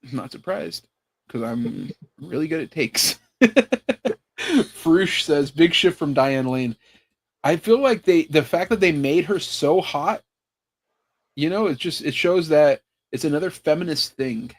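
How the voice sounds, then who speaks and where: A man co-hosting a podcast, delivering sarcastic, deadpan hot takes in casual banter. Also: a little high, measured pace. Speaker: podcast co-host.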